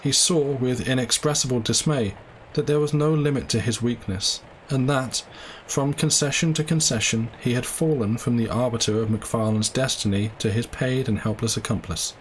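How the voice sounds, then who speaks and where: A man reads a classic story aloud in a measured, steady voice of ordinary middle pitch. A faint ambient hum sits under his narration. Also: poor audio. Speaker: audiobook reader. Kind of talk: live reading of a classic story.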